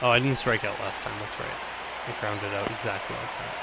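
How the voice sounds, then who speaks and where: This young man commentates on his own baseball video game for his YouTube channel, swearing in frustration and shifting between loud outbursts and low mutters. His intonation is lively and his pace brisk, with slight background noise.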